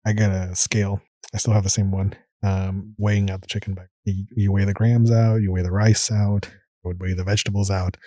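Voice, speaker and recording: Man, 30s, podcast guest, fast talker, very mellow dark tone, dry close sound. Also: lowish voice, no echo. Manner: animated, acts out his own past thoughts. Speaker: guest, gastroenterology fellow. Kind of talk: casual interview storytelling.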